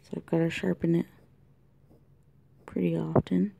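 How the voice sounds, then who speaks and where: A woman talking through a colored-pencil tutorial in a chatty way, thinking aloud and often dropping to a soft whisper. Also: on the low side, flat delivery, measured pace, vocal fry, a little hiss or hum. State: has the hiccups. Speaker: art tutorial host. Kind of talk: casual drawing tutorial narration. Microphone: camera mic close to the desk.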